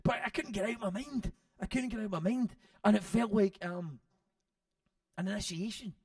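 A man tells animated stories in an interview, swearing freely. His voice sits high for a man. The sound is dry, picked up from a distant mic. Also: moderate pace, no room sound. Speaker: author. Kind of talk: storytelling in an interview.

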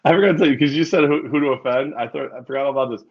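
A man's voice: medium pitch, very fast. Rambling man on a dull, muffled line. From New York state. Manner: rambling, hesitant fillers, laughs easily. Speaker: podcast co-host. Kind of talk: casual sports chat.

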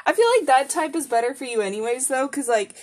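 A young woman talking with a friend in a soft, earnest way, often pausing to find her words. Her voice sits a little on the high side. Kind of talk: casual chat.

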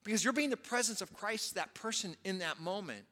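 Male pastor, casual sermon delivery, bright, forceful tone, big reverberant hall. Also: sits high, a little fast. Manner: conversational preaching, with frequent "you know" fillers. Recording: long reverb of a large hall.

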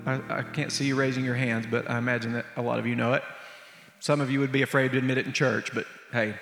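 A man's voice: mid-range voice, little pitch movement, quick pace, vocal fry, a bit bright, faint music behind. Guy preaching a story in church, mid voice, lots of echo and long reverb. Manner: conversational, vivid storyteller. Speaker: preacher and musician. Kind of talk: storytelling sermon. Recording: echoey hall, long reverb.

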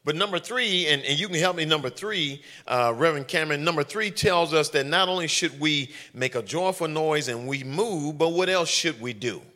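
Bright-voiced preaching pastor. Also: male voice, on the high side, moderate pace, hardly any pauses. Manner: preacherly, repetitive call-and-response with "all right" and "watch this". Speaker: senior pastor. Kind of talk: teaching sermon during corporate prayer.

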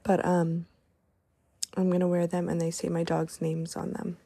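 Young woman, early morning, sleepy and rambling, low husky voice with fry, dry close sound. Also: completely flat delivery, a little slow, dark tone, no echo. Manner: chatty, rambling with fillers. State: sleepy, yawning. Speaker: teacher and podcast host. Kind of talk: casual day-in-my-life narration.

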